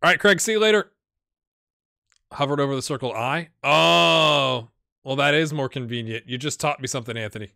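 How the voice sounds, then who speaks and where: A man chats his way through a live game stream, musing aloud as he clicks through menus. His voice is bright and forward, and the sound is dry and close, with no room behind it. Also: mid-range voice, normal speed, vocal fry, clean tone, no room sound. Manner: chatty, talks to himself while playing. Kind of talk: casual live-stream commentary.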